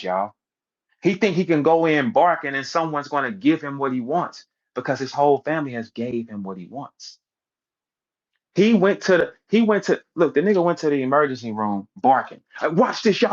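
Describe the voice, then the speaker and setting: Guy going off in a ranting commentary, jumps up loud then drops low, muffled lo-fi audio. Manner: animated, emphatic, repeats words, acts out quotes. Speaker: battle rap commentator.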